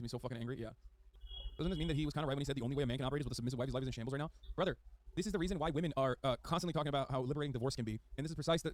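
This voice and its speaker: A man streaming a reaction, reading an article aloud and breaking off with exasperated, profane commentary. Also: mid-range voice.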